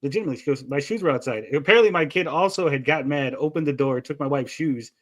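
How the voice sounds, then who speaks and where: A man with a fairly high voice and quick pace co-hosts a casual podcast chat, telling stories animatedly and swearing freely.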